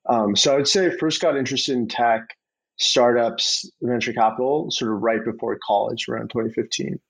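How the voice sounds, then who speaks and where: A man in his twenties from Arizona, a venture capital guest in a casual interview, talking in a relaxed way with many fillers and hedges. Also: mid-range voice, moderate pace, gravelly, slightly rough, poor audio. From Arizona, USA. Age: 20s.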